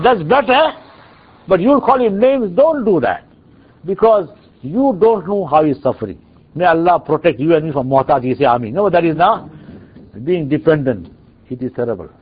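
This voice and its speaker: Animated male preacher. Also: a little high, slightly rough. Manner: animated, dramatic storyteller. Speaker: preacher and teacher. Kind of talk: storytelling sermon. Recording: dull lo-fi recording.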